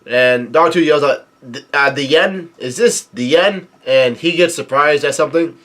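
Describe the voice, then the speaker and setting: Excitable man reading manga aloud. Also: fairly high pitch, normal speed. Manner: reads quoted dialogue aloud, hesitant with many fillers, excitable. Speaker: manga reviewer. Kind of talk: casual read-through commentary.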